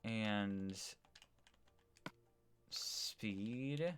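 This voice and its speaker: A man's voice: lowish voice, extremely slow, background noise. A man live-streaming a game in a casual, rambling way, reading viewer chat aloud as he plays. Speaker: gaming streamer.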